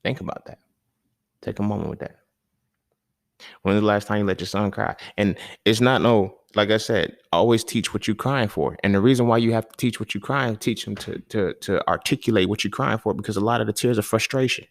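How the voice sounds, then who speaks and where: A man hosting a podcast, talking in a loose, slangy, conversational monologue that keeps checking in with the listener, with sudden animated bursts and chuckles. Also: on the low side, fairly quick, vocal fry, no room sound, clean studio sound. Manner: loose, conversational, slangy, often asks "you feel me". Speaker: podcast host. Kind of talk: casual monologue.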